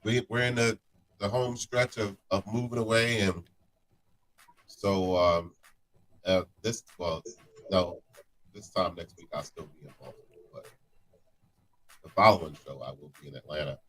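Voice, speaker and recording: A man co-hosting a casual chat show, animated, often repeating words and laughing. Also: low voice, measured pace, pauses often. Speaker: co-host.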